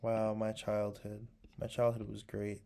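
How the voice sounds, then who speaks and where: A young man with a low, gravelly voice talks casually while painting. He rambles and reminisces, scattering fillers. His throat is sore. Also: monotone, a little slow, mellow. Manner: rambling and nostalgic, full of "like" and "um". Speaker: vlogger.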